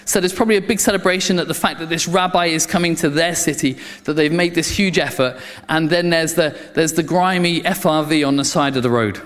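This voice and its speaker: A man's voice: fairly high pitch, fairly quick, hardly any pauses, fairly bright tone. A man preaching a sermon, telling the story with many restarts and acting out the voices of the crowd. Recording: long reverb of a hall.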